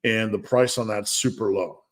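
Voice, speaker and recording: A man's voice: lowish voice, fairly even intonation, moderate pace. Chatty man hosting a fitness livestream. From United States. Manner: chatty and rambling, with asides and laughs. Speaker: fitness coach and livestream host. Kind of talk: casual livestream Q&A.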